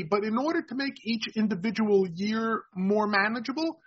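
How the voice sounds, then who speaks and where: Male podcast host, high husky voice, explanatory, casual sports chat, dull lo-fi recording. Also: lively intonation, normal speed. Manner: explanatory, keeps adding "right?".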